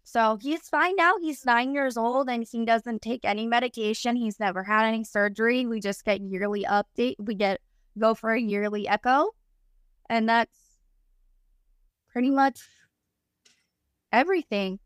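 Chatty woman, bright and smooth. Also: fairly high pitch, unhurried, pauses often, dry recording, clean studio sound. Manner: rambling, heavy use of "like". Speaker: podcast guest. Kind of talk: casual storytelling.

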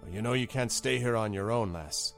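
A man voicing a tired, gruff older man who speaks gently and with a sigh in his voice. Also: fairly low pitch, moderate pace, faint music behind. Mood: weary. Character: weary, gruff older man caring for war orphans.

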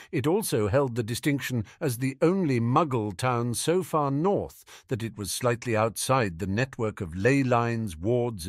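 A man narrating a fantasy story with an expressive delivery. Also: mid-range voice, no room sound, clean studio sound. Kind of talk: audiobook narration of fan fiction.

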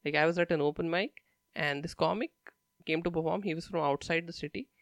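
A man's voice: fairly high pitch, fairly quick, a bit bright, no echo. A young man from India, a stand-up comedian telling stories in a blunt, profane, casual monologue.

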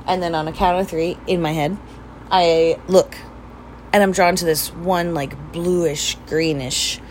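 A woman's voice: on the low side, a little mellow, a little hiss or hum, low-quality recording. A young woman casually telling stories in a vlog, chatty and laughing often as she acts out her own dialogue. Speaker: vlogger.

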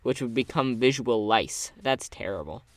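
A man's voice: medium pitch, expressive, unhurried, a bit bright, dry recording. Young man with mock outrage. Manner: mock-outraged, reads out text, playful. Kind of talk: casual chat.

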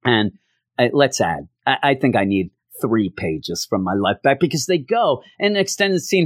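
Male podcast host, lively and sarcastic, mock voices for scenes, dry close sound. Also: medium pitch, moderate pace, no echo. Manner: sarcastic and exasperated. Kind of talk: casual comic book review.

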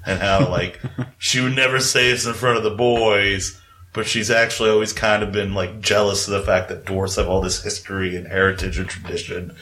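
A man's voice: lowish voice, steady tone, moderate pace, sharp tone. A man narrating a tabletop game as game master, casual and rambling, full of fillers.

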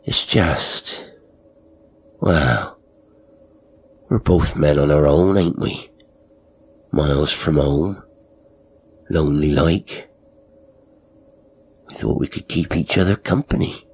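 A man's voice: extremely low pitch, slow, long pauses, darkish tone, slightly rough, exaggerated voice. A man voicing a plump, creepy male lorry driver who speaks in a rustic working-class dialect and sounds apologetic and ingratiating. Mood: pleading.

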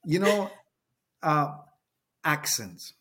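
A man's voice: fairly high pitch, sing-song, drawn-out words, a bit bright. A middle-aged man from Colombia, a Spanish speaker with a Colombian accent, talking earnestly as a teacher in an interview and often repeating words as he searches for them. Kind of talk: interview conversation.

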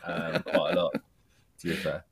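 Guy, lowish voice, a bit hesitant, chuckles, podcast chat. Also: level tone, moderate pace, over a noisy crowd. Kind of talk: casual chat.

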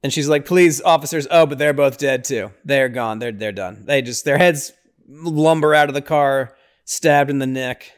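This young podcast host chats casually about a horror film he's recapping, speaking at a moderate pace with a clean tone. He's excitable and full of fillers, now and then acting out lines in high voices.

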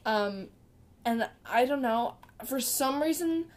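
A woman's voice: a little high, lively intonation, takes it slowly. Chatty teenage girl telling a story. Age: teens. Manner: chatty storyteller, acts out quotes with lots of fillers. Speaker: podcast co-host. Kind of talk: casual chat.

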